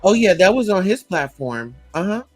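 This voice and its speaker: A man's voice: high-pitched, sing-song, normal speed, soft background music. A man hosting a live talk stream, commenting in a casual and earnest way. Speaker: livestream host.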